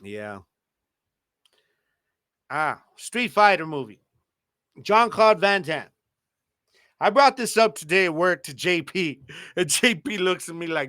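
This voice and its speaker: A man's voice: high voice, big pitch swings, unhurried, pauses often, pushed and bright, no room sound, studio quality. A man in his thirties hosting a podcast, talking in laid-back, slangy banter and laughing often. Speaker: podcast host. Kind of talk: casual chat.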